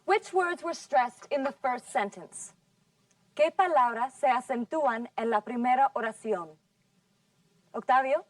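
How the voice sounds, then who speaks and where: A woman's voice: high voice, no echo, distant mic. Patient woman teacher drilling words. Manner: patient, drawn-out model words. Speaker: English teacher. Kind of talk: scripted classroom lesson.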